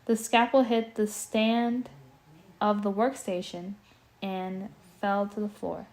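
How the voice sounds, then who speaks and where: Young woman, amateur audiobook reader, stumbles on words, jokes in between. Mid pitch. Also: little pitch movement, takes it slowly, darkish tone. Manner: stumbles over words and adds joking asides. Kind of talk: casual amateur audiobook reading with commentary.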